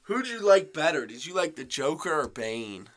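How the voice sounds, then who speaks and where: A college-aged young man co-hosts a relaxed podcast chat. He sounds easygoing and laughs often. He tends to repeat the same phrase a few times in a row. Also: fairly high pitch, moderate pace. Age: young adult. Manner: laid-back, laughs often, repeats himself. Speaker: podcast co-host. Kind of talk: casual chat.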